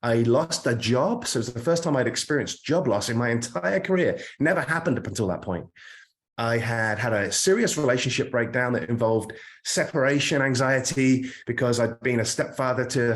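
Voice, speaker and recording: British male coach, earnest and emphatic, motivational online talk, middle pitch. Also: moderate pace. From United Kingdom. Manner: earnest, emphatic, repeats words when stressing a point. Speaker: career coach.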